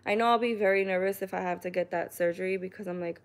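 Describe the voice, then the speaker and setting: A woman's voice: lowish voice, steady tone, fast talker, gravelly. Chatty young woman vlogger, emotional. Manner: warm and emotional, reads comments aloud, laughs often. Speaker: vlogger reading viewer comments. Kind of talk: casual chat to camera.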